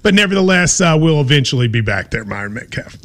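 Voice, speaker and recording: A man's voice: fairly high pitch, sing-song, fast talker, a bit bright. A man hosting a sports talk radio show, bantering and joking with his co-host.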